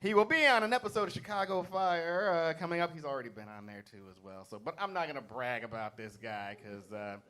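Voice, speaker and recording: Host man on stage, bright high voice, big swings, hyping the crowd, stage mic in a comedy club. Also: a little fast, hardly any pauses. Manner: animated, hypes up the crowd. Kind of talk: stand-up emcee.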